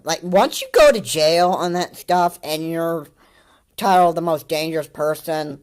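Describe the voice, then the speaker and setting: A man giving casual, mocking commentary on a video, rambling with many fillers and restarts and laughing often. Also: a little high.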